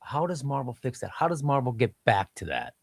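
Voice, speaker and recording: A man's voice: mid-range voice, very animated, a little fast. A man hosting a casual chat, rambling and repeating words as he talks. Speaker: host.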